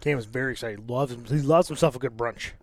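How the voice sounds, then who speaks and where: A man's voice: medium pitch, dry recording. A man in a casual chat who keeps tossing in short, teasing jokes. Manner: quick teasing interjections.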